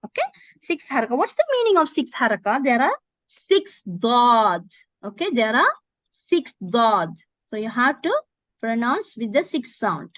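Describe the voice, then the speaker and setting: A woman teaching Quran recitation in an online lesson, demonstrating words slowly and often correcting herself. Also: a little high, sing-song, a bit bright, no echo. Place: online video call. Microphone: computer mic on a video call. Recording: dull, dry video call audio.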